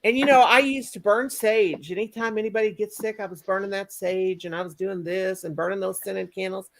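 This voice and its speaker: A woman's voice: medium pitch, fairly even intonation, fairly quick. A woman hosting a casual livestream chat, folksy and talkative, laughing often and reading out viewer comments. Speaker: livestream host.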